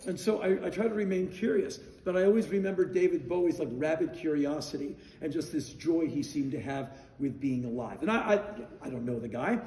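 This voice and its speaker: A man in his sixties telling a casual anecdote in an animated, emphatic way, acting out the dialogue. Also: a little high, fairly quick, few pauses. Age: 60s. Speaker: storyteller guest. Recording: roomy sound, distant mic.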